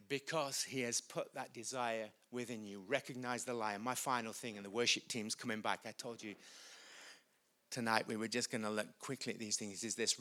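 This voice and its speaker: A man preaching a sermon in a church, earnest, rising loud and high when he speaks to people in the room. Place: church hall. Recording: preached over loud worship music.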